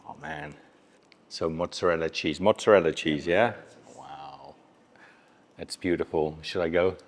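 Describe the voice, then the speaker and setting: Outdoors at a street stall, a travel vlogger hosts a casual food video, chatting cheerfully, laughing often and talking between bites. His voice rumbles low and he keeps a measured pace.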